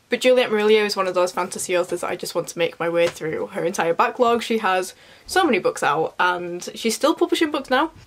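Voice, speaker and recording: Chatty woman vlogging about books. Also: medium pitch. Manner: chatty and enthusiastic, trails off into asides. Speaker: book vlogger. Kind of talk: casual chat.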